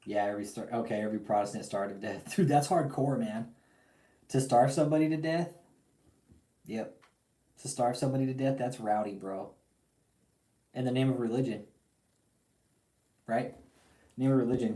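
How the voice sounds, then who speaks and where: A man hosts a loose call-in show, cursing freely and firing off slangy rants at his listeners. His voice sits at an ordinary pitch with a dark, mellow tone. He sounds like he is in an echoey, roomy space. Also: fairly quick, long pauses. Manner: profane, animated ranting with lots of slang. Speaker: podcast host. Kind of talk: casual call-in talk show.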